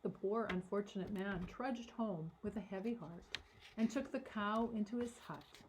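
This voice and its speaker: A woman reading a story aloud to children in an animated, dramatic way, giving voices to the characters. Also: medium pitch, normal speed, a little hiss or hum, low-quality recording. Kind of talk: expressive read-aloud storytelling.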